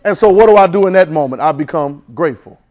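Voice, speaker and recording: Man, preacher, high voice, call-and-response sermon, loud then hushed. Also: expressive, fast talker. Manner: call-and-response, urging the congregation to repeat; swings from loud exhortation to soft near-whispers.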